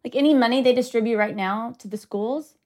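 A woman's voice: on the high side, a little fast, darkish tone. A woman co-hosting a podcast in casual chat, joking and bantering playfully into a studio microphone. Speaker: podcast co-host.

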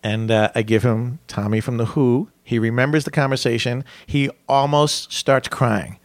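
A man telling an excitable, rambling story as a comedian on stage, often restarting his sentences. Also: mid-range voice, normal speed, no echo. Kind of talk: animated storytelling. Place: stage in front of an audience.

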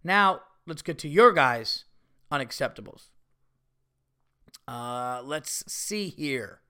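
This is a casual solo podcast rant from a middle-aged male host whose slightly high voice is animated, bright, forceful and clean. He takes his time while swearing, repeating himself and hammering his points.

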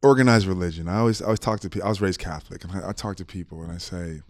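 A man's voice: low voice, racing. A man in casual podcast conversation, reflective, often laughing and repeating words as he gathers his thoughts. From United States. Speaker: podcast guest.

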